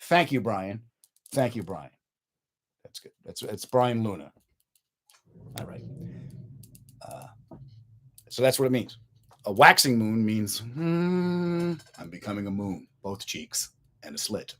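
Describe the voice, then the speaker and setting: A man's voice: fairly low pitch, slow pace, long pauses. A middle-aged man, a comedian hosting his own podcast, chatting casually with viewers and telling jokey stories. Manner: joking, animated storytelling. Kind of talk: casual live-stream chat.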